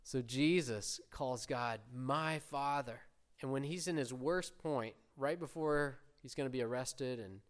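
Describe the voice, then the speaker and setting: A man preaching a sermon, earnestly explaining scripture and slowing down to voice prayers with emphasis. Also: medium pitch. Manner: earnest, slows and swells when voicing prayers.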